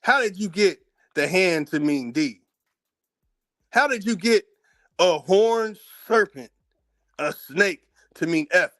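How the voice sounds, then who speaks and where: A man's voice: high voice, expressive, takes it slowly, pauses often, sharp tone. A man giving blunt, heated spoken commentary, firing off one rhetorical question after another and repeating them for emphasis. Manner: informal, blunt, with profanity. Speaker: speaker giving a monologue.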